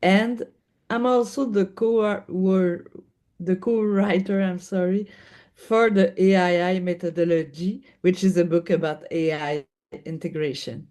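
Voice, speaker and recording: This is a woman with a Québécois French accent whose first language is French, speaking as a guest in an interview. She talks slowly and hesitantly, often restarting as she looks for the right English word. Her voice is warm and mellow. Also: on the low side, fairly even intonation. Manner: hesitant, searching for words with restarts. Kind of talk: interview conversation.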